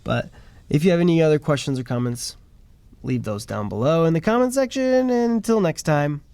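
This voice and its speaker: A man's voice: on the high side, animated, a little fast, creaky, warm tone, clear, resonant tone, dry recording. A man giving a casual product review into a shotgun microphone, chatty and often checking in with the viewer. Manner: chatty, checks in with "okay?" and "right?". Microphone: shotgun microphone pointed at him.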